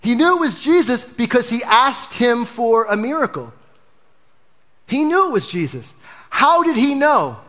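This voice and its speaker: Animated male pastor preaching a sermon. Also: very high-pitched, a little slow. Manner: animated preaching, dropping to a hush for emphasis.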